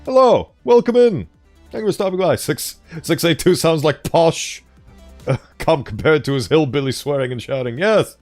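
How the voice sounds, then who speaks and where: A man's voice: fairly high pitch, expressive, moderate pace, a little mellow, faint music behind. A man streaming live, chatting playfully with viewers and laughing as he reads stories. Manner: playful, laughs often, greets chat. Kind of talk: casual live-stream chat.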